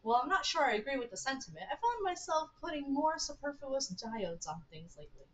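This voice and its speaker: A woman's voice: high-pitched, big pitch swings, brisk, pitched above the performer's own voice. A woman voicing an awkward, eccentric middle-aged male scientist in a put-on Southern drawl, earnest and rambling. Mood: musing. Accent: American Southern, put on.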